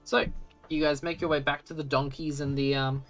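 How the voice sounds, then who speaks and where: A woman narrating as game master of a tabletop game, slow and halting with many ums. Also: low voice, level tone, faint music behind.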